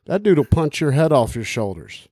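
A man's voice: a little high, very animated, moderate pace, dark tone, husky, dry recording, clean studio sound. A man hosting a casual podcast chat, talking in a profane, rambling, emphatic way.

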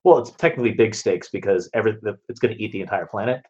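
A man's voice: lowish voice, very fast, dark tone, dull audio. A man chatting casually on a podcast about a cartoon episode, rambling with lots of restarts and fillers. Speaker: podcast co-host.

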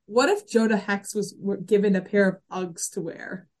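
A woman co-hosting a casual fan podcast, excitable and full of restarts, laughing as she talks. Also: medium pitch, normal speed. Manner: excited, restarts often, laughs while talking. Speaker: podcast co-host.

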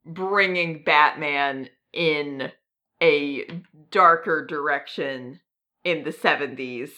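A woman's voice: low-pitched, takes it slowly, pushed and bright. A woman co-hosting a podcast in casual chat, talking in a hesitant way with many ums and self-deprecating asides. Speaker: podcast co-host.

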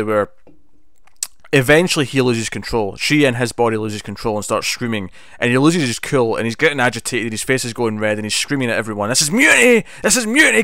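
A man's voice: medium pitch, fairly bright tone, no echo, studio quality. A man co-hosting a casual podcast, reviewing a TV episode and retelling its scenes with bursts of animation. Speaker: podcast co-host.

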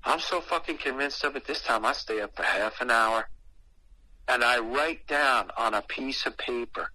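A man's voice: medium pitch, moderate pace, rough recording. A man casually telling a personal story, profane and slangy, acting out what he said back then. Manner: profane, slangy and animated, acting out his own past words.

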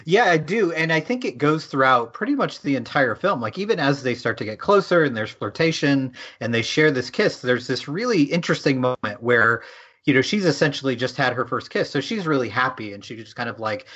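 A man's voice: mid-range voice, lively intonation, fairly quick, fairly bright tone. Man with a dull lo-fi mic. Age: older. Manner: thoughtful, chatty, laughs often. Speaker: podcast co-host. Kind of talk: casual movie discussion. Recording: dull lo-fi sound.

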